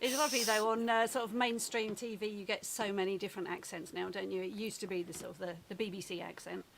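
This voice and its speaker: A woman's voice: medium pitch, fairly even intonation, fast, creaky, a little hiss or hum. A woman hosting a live stream from home. She chats casually and uses fillers like "um" and "like". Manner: chatty, with fillers like "um" and "like". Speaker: host.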